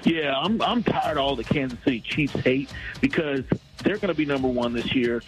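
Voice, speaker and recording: A man's voice: medium pitch, lively intonation, normal speed, faint music behind. A male radio caller talking in a hesitant way full of uh fillers, heard over a phone line.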